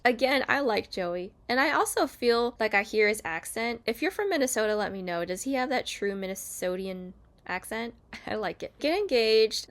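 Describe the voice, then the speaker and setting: A young woman on her bed at home, casually chatting and recapping a reality show, often acting out quotes in different voices. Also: a little high. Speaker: YouTuber reviewing a reality show. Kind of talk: casual chat.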